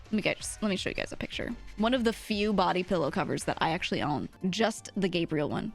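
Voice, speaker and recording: A woman streamer in casual chat who talks in a gushing, excitable, giggly way. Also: lowish voice, quick pace, vocal fry, soft background music.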